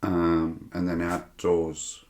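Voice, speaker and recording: A man speaking as a podcast guest in casual chat, calm and measured. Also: deep voice. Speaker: archery range owner, guest. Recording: roomy echo.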